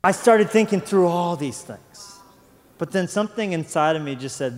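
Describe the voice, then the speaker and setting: A man's voice: on the high side, moderate pace, slight background noise. A young adult man, a pastor, telling a personal story in a sermon, often repeating words, then rising into fervent preaching. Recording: long hall reverb.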